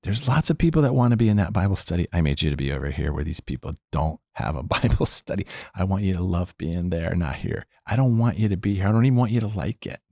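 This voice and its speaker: A man's voice: deep voice, lively intonation, quick pace, vocal fry, hardly any pauses, warm tone, no echo, studio quality. An older man speaking as a podcast guest, teaching about faith in an earnest, emphatic way, repeating phrases and laughing between points.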